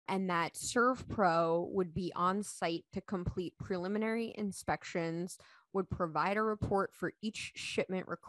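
A woman's voice: fairly low pitch, no room sound. Chatty woman telling a story, dry close sound. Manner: animated, laughs often, acts out quoted dialogue. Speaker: podcast guest. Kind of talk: casual storytelling.

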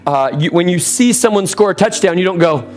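A man preaching a sermon to a live congregation, energetic and calling for responses. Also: high voice, a little fast. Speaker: pastor. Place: church sanctuary with congregation.

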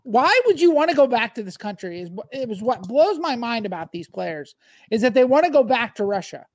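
A man's voice: very high-pitched, big pitch swings, brisk, no echo. A man from Minnesota co-hosting a sports podcast, cracking jokes and asking exaggerated questions. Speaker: podcast co-host. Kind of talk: casual sports chat.

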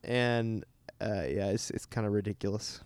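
A man's voice: fairly low pitch, steady tone, normal speed, a little mellow, clear, resonant tone. A young man co-hosting a podcast, chatting casually in a rambling, joking way. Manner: rambling, laughing, self-deprecating. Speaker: podcast co-host. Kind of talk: casual chat.

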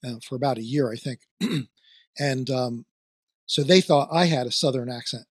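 A man's voice: medium pitch, moderate pace, no echo, clean studio sound. A man from near Trenton with a Philadelphia-area accent, hosting a casual interview and rambling through fillers and restarts. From New Jersey, near Trenton. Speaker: podcast host.

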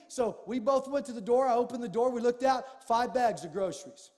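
A high-pitched male pastor delivers a storytelling sermon, dropping to near-whispers and then rising to shouts. His voice rings out with a long reverb, as in a large church hall. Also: a little fast. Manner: animated, swings from hushed to shouting.

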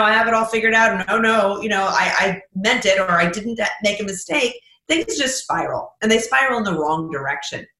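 A woman author talking as a podcast guest, emphatic and animated, acting out sample conversations as she explains her advice. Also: mid-range voice, reverberant, rough recording. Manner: animated, emphatic, acts out example dialogue. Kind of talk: podcast interview.

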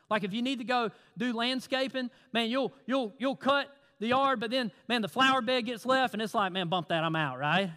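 A man's voice: very high voice, sharp tone. A man preaching a sermon in a conversational way, asking the congregation questions and reading scripture aloud. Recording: long hall reverb.

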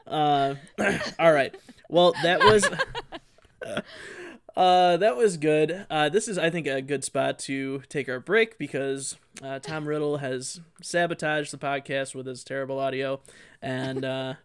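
A man's voice: mid-range voice, steady tone, a little slow, a bit bright, clean tone. A man hosting a podcast in casual chat, rambling with lots of fillers and frequent laughter. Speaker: podcast host.

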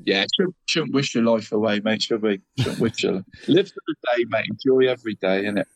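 A man's voice: lowish voice, sing-song, a little fast, gravelly. A middle-aged man co-hosting a football show, rambling and putting "mate" after every phrase. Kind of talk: casual football chat.

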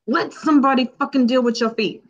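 A woman's voice: high-pitched, a little fast. A woman co-hosting a casual panel chat, speaking bluntly and giving practical instructions. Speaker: podcast co-host. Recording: muffled, dull sound.

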